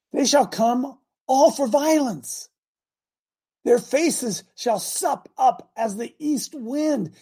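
A man hosting a preaching broadcast, reading scripture aloud and breaking into fiery, animated asides. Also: high voice, vocal fry, breathy edge. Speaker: radio preacher host.

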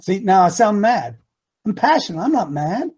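An older man hosting a radio talk show, preaching with rising passion and at times shouting. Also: high voice, sing-song, moderate pace, slightly rough.

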